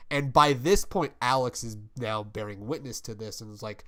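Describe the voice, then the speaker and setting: Man rambling through a profane pitch. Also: brisk, hardly any pauses, sharp tone. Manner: rambling, profane storytelling with acted-out quotes. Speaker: podcast co-host. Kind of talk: casual chat.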